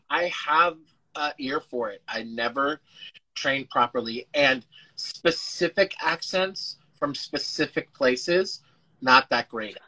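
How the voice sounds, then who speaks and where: Man rambling bright on a call. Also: mid-range voice, slow, poor audio. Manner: rambling, self-interrupting, casual swearing. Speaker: actor guest. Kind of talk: casual interview chat.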